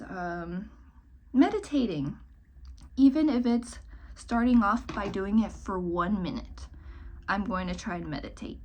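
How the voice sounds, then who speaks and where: A young woman chatting casually while doing her makeup in a get-ready-with-me vlog, rambling and self-mocking, swinging between bright remarks and muttered asides. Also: mid-range voice, a little hiss or hum. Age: young adult. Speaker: vlogger.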